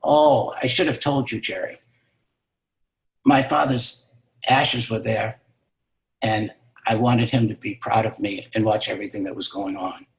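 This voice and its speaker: A man voicing a shy, poor young woman who recounts her hardship in an earnest, soft-spoken way. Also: lowish voice, fairly even intonation, a little slow, creaky, long pauses, pitched below the performer's own voice. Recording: roomy echo.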